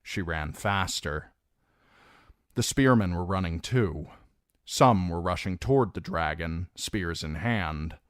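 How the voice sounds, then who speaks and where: A man reading a fantasy novel aloud as an audiobook narrator, in measured, dramatic storytelling. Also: low-pitched, lively intonation, dry recording, clean studio sound. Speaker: audiobook reader.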